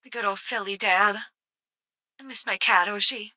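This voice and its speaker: A woman's voice: medium pitch, steady tone, moderate pace, bright, forceful tone, no room sound. A woman live-streaming casual commentary, sarcastic and swearing freely with mock outrage.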